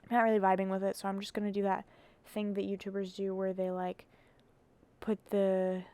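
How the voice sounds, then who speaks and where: A woman's voice: medium pitch, monotone, moderate pace, warm tone, clear, resonant tone. A sleepy woman vlogging casually about her keyboard, rambling and giggly, poking fun at herself. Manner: rambling, giggly, self-mocking.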